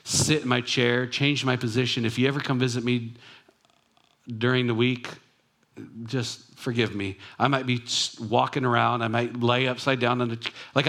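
A man's voice: medium pitch, steady tone, moderate pace, a bit bright. A man in a mid-range voice preaches a sermon. He talks conversationally and reflects aloud, mixing scripture with personal asides. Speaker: pastor.

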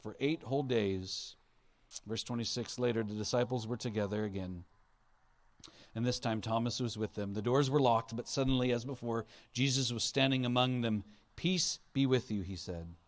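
A man's voice: medium pitch, normal speed. A male pastor preaching an Easter sermon, earnest, his voice rising and falling for emphasis as he acts out quotes.

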